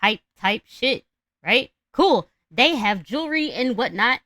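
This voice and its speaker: A young woman streaming from home, retelling a story in a rambling, slangy, profane way. Her voice is bright and forceful, and the close mic leaves it dry with no room sound. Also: fairly high pitch, expressive, measured pace, no room sound. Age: young adult. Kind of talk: casual live-stream storytelling.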